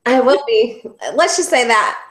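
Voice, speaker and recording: A woman from Kansas City, a guest author, chatting casually and a little haltingly over a video call. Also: a little high, a bit bright. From Kansas City, Missouri. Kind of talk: casual chat. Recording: echoey room.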